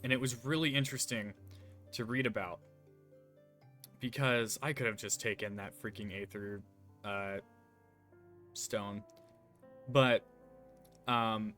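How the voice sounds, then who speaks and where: A man's voice: mid-range voice, pushed and bright. A man streaming a game, chatting casually and rambling with many fillers. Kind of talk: casual gameplay chat.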